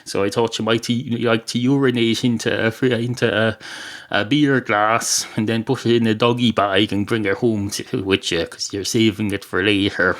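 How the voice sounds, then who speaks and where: A slightly hoarse Irish man voicing a chatty barman who teases and rambles with many fillers. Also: fairly low pitch, fairly even intonation, normal speed, a bit bright, natural voice. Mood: teasing. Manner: rambling, teasing, full of uh fillers. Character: chatty, teasing male barman.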